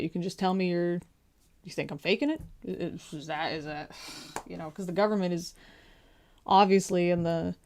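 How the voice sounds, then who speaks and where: A woman's voice: fairly low pitch, mellow. A young adult woman, a veteran, telling a story in a casual rant, exasperated and sarcastic, full of rhetorical questions.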